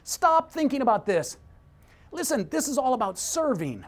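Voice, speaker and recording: Man, motivational speaker, keynote talk, animated swooping pitch, energetic, punchy, repeats lines for emphasis. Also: normal speed.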